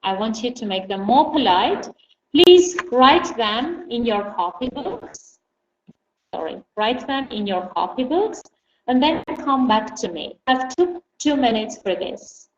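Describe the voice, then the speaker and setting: A woman whose first language is Armenian, teaching an online English class and patiently repeating model phrases slowly. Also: a little high, expressive. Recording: roomy, dull lo-fi audio with faint hiss.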